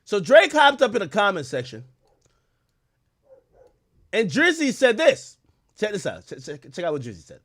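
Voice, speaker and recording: A young adult man hosting a stream on a close, dry microphone. His voice sits high and bright, and he swings it up and down with loud, profane reactions and frequent laughter. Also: huge pitch swings, normal speed, pauses often, dry recording. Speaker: streamer host. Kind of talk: casual commentary on a live stream.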